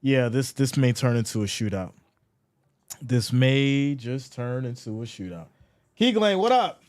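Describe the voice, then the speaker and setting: A man's voice: big pitch swings, measured pace. Hyped male live-stream host. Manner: hyped and loud, then drops to soft low asides; reads viewer chat aloud. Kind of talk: casual live-stream chat. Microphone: streaming microphone.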